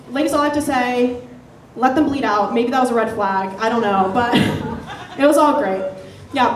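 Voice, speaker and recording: A young woman doing a stand-up set, telling a story in a chatty way with laughing asides. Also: sits high. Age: young adult. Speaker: stand-up comedian. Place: comedy venue. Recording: echoey room, distant mic.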